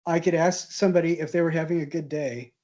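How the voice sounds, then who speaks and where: A male instructor relaxes into storytelling mid-class, his voice warm and low in tone. He rambles with plenty of ums and restarts, chuckling at his own punchlines. It sounds like a classroom. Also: fairly even intonation, quick pace, muffled recording. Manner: chatty, hesitant, laughs at own stories. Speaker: art history instructor. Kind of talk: casual anecdotal storytelling in class.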